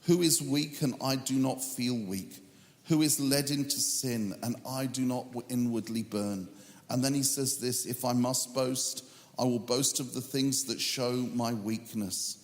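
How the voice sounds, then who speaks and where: A male preacher reading scripture in a slow, measured way, breaking in with humorous asides. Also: medium pitch, fairly even intonation. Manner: reads scripture in a measured, drawn-out cadence. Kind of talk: sermon. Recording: echoey hall with long reverb.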